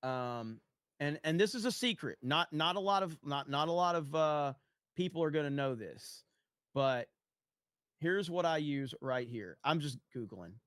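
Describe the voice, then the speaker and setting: A man's voice: a little high, animated, measured pace, fairly bright tone, smooth, no room sound, clean studio sound. A man hosting a casual livestream, rambling and swearing freely as he reads chat messages aloud and tells stories. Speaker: streamer.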